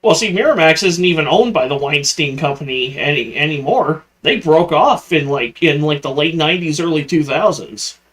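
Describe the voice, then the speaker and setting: A man's voice: on the high side, expressive, normal speed, hardly any pauses, a bit bright. A man co-hosting a casual chat, giving blunt opinions. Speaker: podcast co-host.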